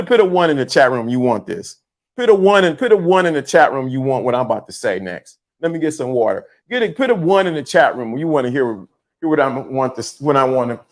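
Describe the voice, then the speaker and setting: A man preaches to his livestream viewers. He repeats key lines and spells words out letter by letter in a motivational talk. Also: a little high. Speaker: livestream host.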